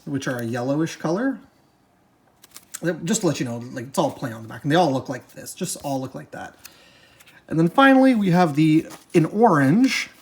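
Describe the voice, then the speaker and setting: Casual unboxing host, mid-pitched, halting and self-correcting, upbeat, cards shuffling behind. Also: darkish tone. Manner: upbeat, easily delighted. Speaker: board game unboxing presenter.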